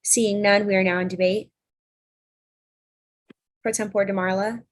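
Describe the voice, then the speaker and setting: A woman's voice: mid-range voice, level tone, a little slow. Young woman chairing a student senate. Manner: procedural, casual between motions. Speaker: senate presiding officer. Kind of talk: chairing a meeting.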